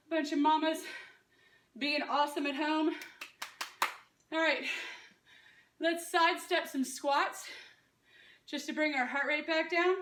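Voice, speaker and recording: Breathless, bright woman fitness coach. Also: high voice, steady tone, takes it slowly, long pauses, reverberant, far from the mic. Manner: upbeat encouraging coaching cues. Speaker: fitness instructor. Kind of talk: live home workout coaching. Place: room at home.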